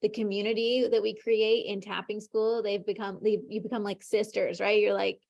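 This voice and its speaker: A woman's voice: mid-range voice, flat delivery, moderate pace, creaky, a little mellow, highs cut off. A woman host and tapping coach on a video call, effusive and encouraging toward her guest. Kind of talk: warm encouraging interview.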